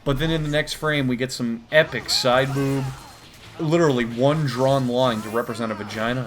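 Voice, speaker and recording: A man giving crude, rambling comedic commentary while reading a comic aloud, with profane deadpan asides. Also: mid-range voice, fairly quick, crowd noise. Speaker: comedy video host.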